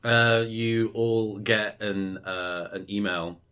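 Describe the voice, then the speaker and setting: A man narrating a tabletop game as game master, in a relaxed and halting way with many fillers. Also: on the low side, smooth.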